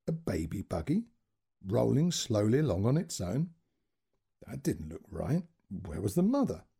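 A man narrating a short story as storyteller, in an expressive, dramatic reading that moves between hushed and raised passages. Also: medium pitch, creaky, breathy edge.

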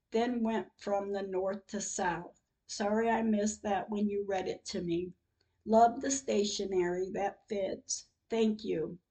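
A woman reads her own diary entries aloud for a podcast. She goes slowly and earnestly, with a mellow, darker tone. She sounds heartfelt the whole way through. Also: medium pitch, rough recording. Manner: slow, earnest, heartfelt reading.

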